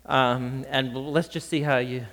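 A man preaching a sermon as a pastor, lively and chuckling, acting out the voices in the scripture reading. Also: mid-range voice, a little slow, in a large hall. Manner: lively, reads scripture with acted voices, laughs often.

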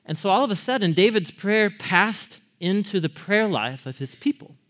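A man's voice: high voice, lively intonation, moderate pace, fairly bright tone. A man preaching a sermon in a conversational way, often asking his audience questions. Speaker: pastor.

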